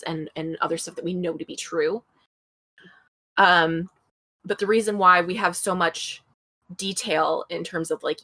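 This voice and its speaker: On a casual true-crime podcast, a female co-host recounts a case, reading passages aloud and tossing in personal asides. Her lowish voice sounds pushed and bright, captured in a dry, rough recording.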